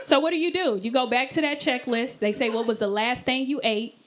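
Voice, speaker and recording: A woman's voice: a little high, brisk. A woman performing a stand-up comedy set, telling brash stories and acting out voices with sudden shrieks. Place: comedy club stage with laughing audience. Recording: live club recording with audience noise.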